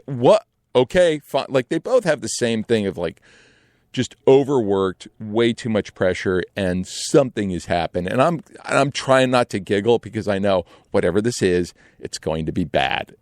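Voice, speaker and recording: A young adult man telling a casual story in an animated way, acting out other people's lines. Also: sits low, no echo, studio quality.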